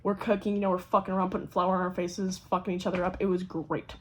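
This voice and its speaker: A young woman casually telling a story to camera, animated and swearing freely, acting out the voices of the people in it. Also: fairly low pitch, quick pace, slight background noise. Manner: animated, swears a lot, acts out quoted voices. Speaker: vlogger.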